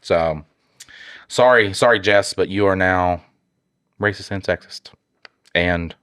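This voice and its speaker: Stuffy-nosed sarcastic man, deep dry voice. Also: takes it slowly, a bit bright, smooth, dry recording. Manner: joking, sarcastic, reads listener letters aloud. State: stuffy nose. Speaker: podcast co-host. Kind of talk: casual podcast banter.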